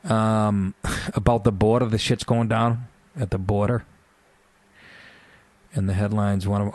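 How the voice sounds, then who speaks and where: A man's voice: lowish voice, steady tone, unhurried, pauses often, darkish tone, dry recording. Sarcastic, swearing male radio host. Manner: ranting, sarcastic, profane. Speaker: radio talk show host. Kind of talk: talk radio monologue.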